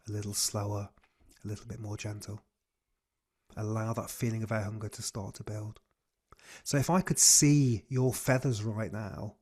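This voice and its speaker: A man's voice: mid-range voice, a little mellow. Soothing breathwork coach, a man. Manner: slow, soothing guided cues. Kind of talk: guided breathing class on a video call.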